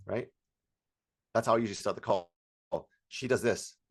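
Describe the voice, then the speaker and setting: A man's voice: lowish voice, moderate pace. A middle-aged man coaching on sales, talking energetically and acting out bits of calls. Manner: energetic, acts out call dialogue, shouts hype lines. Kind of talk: sales training talk.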